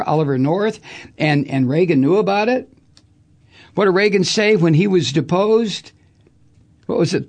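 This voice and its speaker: A man hosting a political talk radio show, ranting with profanity and sarcasm, then reading sponsor messages. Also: sits high. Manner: profane, heated, sarcastic, mocking impressions.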